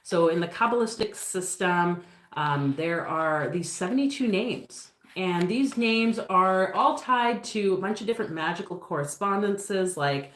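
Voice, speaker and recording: Unhurried and medium in pitch, a woman's voice fills a roomy-sounding space as she does a casual card reading live as a livestream tarot reader. Her musings wander loosely, heavy with fillers.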